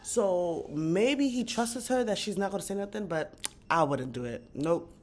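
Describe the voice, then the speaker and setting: Slangy, animated woman recapping TV. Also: medium pitch, a little slow. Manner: animated, slangy and profane, with outbursts of disbelief. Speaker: TV recap vlogger. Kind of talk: casual recap commentary.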